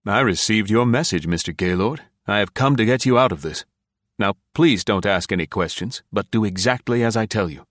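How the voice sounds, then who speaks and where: A man's voice: fairly low pitch, normal speed, a bit bright, no room sound, clean studio sound, close to an everyday voice. A man voicing a curt, commanding male rescuer in disguise, giving orders. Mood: urgent.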